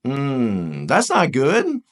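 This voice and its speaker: A man's voice: mid-range voice, very slow. A man teaching about the Enneagram in a casual spoken lesson, talking straight to the viewer and reading book passages aloud with comments on them. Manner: animated, talks straight to the viewer.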